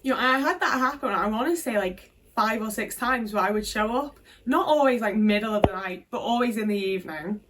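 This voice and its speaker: A woman's voice: a little high, brisk, few pauses, a bit bright, slight background noise. Frank woman, slightly distant mic. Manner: frank, emotional storytelling with many fillers and swearing. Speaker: vlogger. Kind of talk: candid personal vlog.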